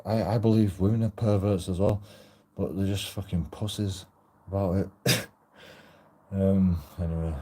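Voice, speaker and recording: A man's voice: lowish voice, mellow, slight background noise. A man rambling and swearing in a casual walk-and-talk monologue, often cutting himself off mid-sentence. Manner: rambling, profane, self-interrupting. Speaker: auditor vlogger. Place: outdoors while walking.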